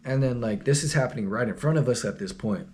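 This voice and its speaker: A man's voice: medium pitch, quick pace, darkish tone, slight background noise. A young man tells a story casually, his speech full of slang and swearing. He rambles along at an easy pace in a middle-range voice. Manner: slangy, profane, rambling, laid-back. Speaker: vlogger.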